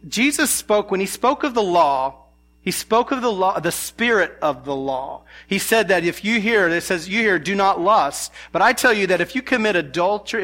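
A man's voice: high voice, sharp tone. A man preaching a sermon, earnest, often asking the listeners questions. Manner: earnest, asks the congregation questions.

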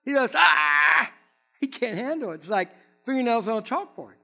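A pastor giving a sermon in an animated, conversational way, full of asides to the congregation. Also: male voice, very high voice, fast talker, faint music behind.

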